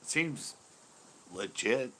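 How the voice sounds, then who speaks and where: A man's voice: medium pitch, lively intonation, takes it slowly, fairly bright tone. A man in his fifties hosts his channel with a casual, rambling story. He talks animatedly, laughs often and swears freely. A faint hum of noise sits behind him. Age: 50s. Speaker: host.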